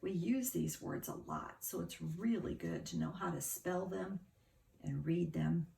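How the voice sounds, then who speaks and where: A middle-aged woman teaching a phonics lesson to young children, sounding out words slowly and patiently. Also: on the low side, sing-song, gravelly, dark tone, slight background noise. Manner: slow, patient, over-articulated sounding out.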